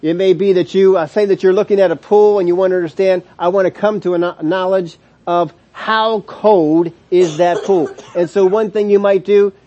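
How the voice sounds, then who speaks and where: Emphatic male Bible teacher, slow stresses. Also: high-pitched, flat delivery, warm tone, lo-fi sound. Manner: explanatory, emphatic, with slow drawn-out stresses on key words and frequent restarts; chuckles between points. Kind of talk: sermon teaching.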